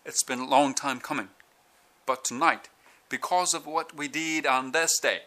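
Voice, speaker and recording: A man doing a put-on British accent while voicing a male president giving a victory speech, in slow and deliberate oratory. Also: fairly high pitch, steady tone, bright, forceful tone. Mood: solemn oratory. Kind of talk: speech impression.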